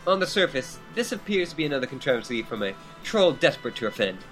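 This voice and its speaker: A man's voice: on the high side, big pitch swings, fast, a bit bright, faint music behind, poor audio. A man voicing a wry, verbose teenage girl who talks in a dry, ironic way. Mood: skeptical.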